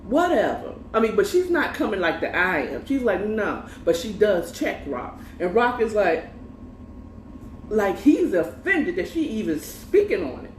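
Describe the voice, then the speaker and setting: A woman's voice: mid-range voice, sing-song, unhurried, slight background noise. A woman casually recapping a story at home, animatedly quoting the characters and swearing freely. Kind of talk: casual recap with quoted lines. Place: home room. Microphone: earbuds with mic. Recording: echoey room, slightly distant mic.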